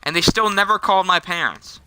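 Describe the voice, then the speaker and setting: Bright, rambling young man telling a story. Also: high voice, expressive, clean tone. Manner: rambling with many restarts and quick self-corrections. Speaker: storytelling vlogger. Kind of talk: casual storytime while gaming.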